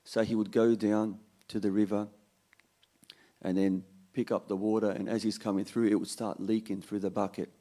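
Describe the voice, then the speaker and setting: A man's voice: on the low side, little pitch movement, normal speed, mellow. A man giving a conversational Ramadan sermon, telling a story and often restarting his sentences. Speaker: religious lecturer.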